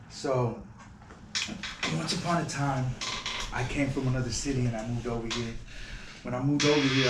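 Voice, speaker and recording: A man casually telling a story to camera in a relaxed, slangy way. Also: mid-range voice, heavy background noise. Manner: relaxed, slangy, talks to viewers directly. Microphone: camera mic. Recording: roomy echo.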